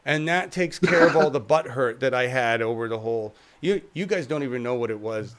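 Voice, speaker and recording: A man's voice: mid-range voice, lively intonation, brisk. A man hosting a casual livestream chat show, talking in a rambling, chuckling, self-deprecating way. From United States. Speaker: host.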